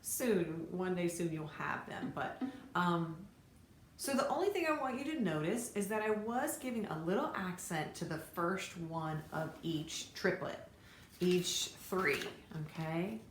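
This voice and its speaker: An encouraging woman teaches fiddle in a relaxed, chatty way, counting beats and calling out bowings as she goes. Her voice sits a little low. The room is echoey, with a faint hum of noise underneath. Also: a little slow. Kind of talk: casual instructional talk to students.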